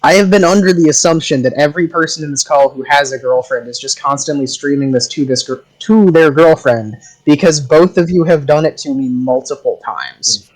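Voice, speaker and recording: A man's voice: on the high side, brisk, few pauses, poor audio. Theatrical man running the game. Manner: theatrical, self-described drama kid. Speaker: game master. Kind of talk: casual chat during a game break.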